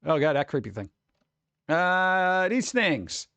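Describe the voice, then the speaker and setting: New guy streaming, reads chat aloud, quick to exclaim, very expressive pitch. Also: clean tone, no room sound, muffled recording. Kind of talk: casual live-stream chat.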